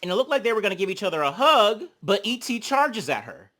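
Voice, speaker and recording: Young reality recap host, sassy and profane, bright tone, mid pitch. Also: big pitch swings, quick pace. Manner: sassy, gossipy, swears a lot, acts out quotes; big swings in pitch and loudness when reacting. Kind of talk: casual commentary.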